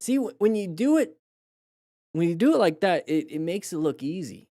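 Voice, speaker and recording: A man's voice: sits high, very animated, normal speed, noisy background. A man casually commenting on motorcycle crash clips during a live stream, rambling and restarting sentences, coaching with praise and jokes for the chat. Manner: rambling, chatty, with frequent restarts and fillers.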